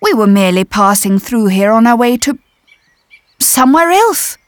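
A woman's voice: fairly high pitch, very animated, normal speed, no room sound. A woman reading the part of an aloof, disdainful male traveller with a dry, lofty manner.

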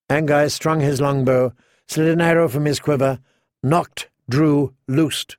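A man narrating an audiobook in a measured, unhurried, vivid way. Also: a little high, steady tone, dry recording, studio quality. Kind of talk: scripted narration.

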